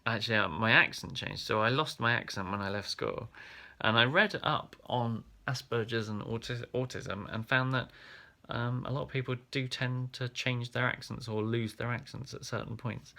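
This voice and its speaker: A man's voice: mid-range voice, steady tone, moderate pace, vocal fry, sharp tone. A man from England's Black Country talking through a casual, self-reflective vlog, rambling and hesitant with frequent ums and restarts. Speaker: vlogger.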